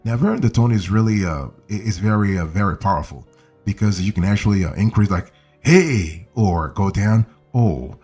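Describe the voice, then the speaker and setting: A man's voice: on the low side, brisk, warm tone, husky, faint music behind. A man in his seventies giving casual podcasting voice tips, coaxing listeners with a repeated "okay?". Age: 70s. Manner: conversational, repeats and restarts phrases, coaxing "okay?". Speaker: voiceover coach. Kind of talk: casual instructional talk.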